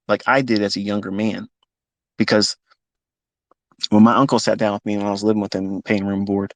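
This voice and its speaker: A man of fifty with a low, gravelly voice speaks straight from the heart in a live online audio session, unscripted. He is blunt and emotional and swears freely. The sound is dry and close. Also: dry recording. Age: 50s. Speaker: trading mentor. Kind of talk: off-the-cuff live audio talk.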